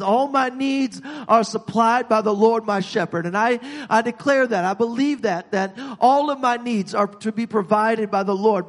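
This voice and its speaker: A man preaching a sermon, halting and repeating words, growing emphatic as he goes. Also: very high voice, long reverb tail.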